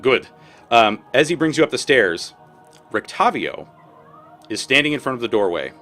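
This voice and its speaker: A man's voice: mid-range voice, very animated, pushed and bright. Casual male game master, faint music behind. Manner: casual, halting, many fillers. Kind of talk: narrating a tabletop game.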